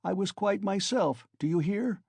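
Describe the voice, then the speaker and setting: A man's voice: sits high, expressive, measured pace, vocal fry, darkish tone, breathy edge, no echo, voice pushed up, heavily acted. A man voicing a feverish young male former student who speaks in a strained, defensive way. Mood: defiant. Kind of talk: audiobook character reading.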